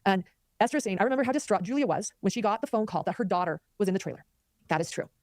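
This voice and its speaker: A woman hosting a live commentary stream, talking quickly and animatedly and reading viewer comments aloud. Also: medium pitch, expressive, a little mellow, dry recording. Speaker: commentary host.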